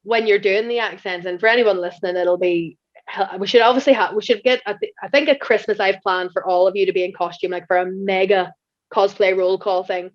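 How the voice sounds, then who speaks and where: A woman with a Northern Irish accent hosts a relaxed interview and chats freely. Her voice sits at a middle pitch. The recording sounds dull and lo-fi. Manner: chatty, quick back-channel yeahs. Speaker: podcast host. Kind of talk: casual interview chat.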